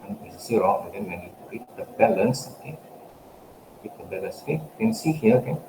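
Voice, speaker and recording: Lecturer, male, fairly low voice, steady walkthrough full of "okay", echoey room with a constant hiss behind him. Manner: fills every pause with a checking "okay".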